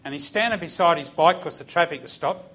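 An older Australian man, a police officer, telling a lively testimony story in church and acting out the voices. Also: on the high side, a little fast.

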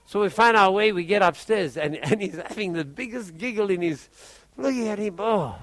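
A man preaching, telling a testimony story in an animated way and often repeating his words. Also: high voice, normal speed, no room sound.

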